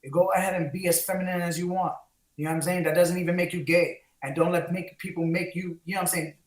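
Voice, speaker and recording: Preachy New co-host, bright-ish voice, roomy echo on the mic. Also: male voice, high-pitched, steady tone, fast talker. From the Bronx, New York. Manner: impassioned, preachy, mixes in Spanish phrases. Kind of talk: candid podcast conversation.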